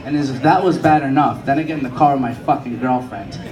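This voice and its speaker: Rattling through his stand-up set at a fast clip, a young comedian tells profane stories and acts out the people he quotes. He's on a comedy club stage in a boomy, echoey room, recorded from a distance, with a loud audience laughing.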